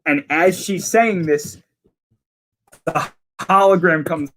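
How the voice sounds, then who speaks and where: Higher-voiced man recapping a show eagerly. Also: slow, fairly bright tone. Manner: enthusiastic, retells scenes in detail. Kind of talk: casual chat.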